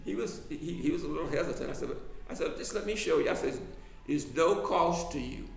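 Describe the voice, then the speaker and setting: A man who teaches drama telling a personal story, halting and repeating words as he goes. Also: on the high side, animated, creaky, roomy sound. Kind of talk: anecdotal storytelling.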